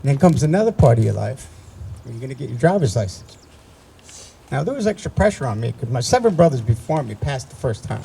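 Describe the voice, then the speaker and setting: A man in his sixties from New Jersey speaks at an outdoor memorial ceremony. His voice is gravelly and mellow. He tells family stories casually and often restarts his sentences. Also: mid-range voice, lively intonation, fairly quick, slight background noise, low-quality recording. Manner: anecdotal, conversational, with frequent restarts. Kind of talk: personal storytelling speech.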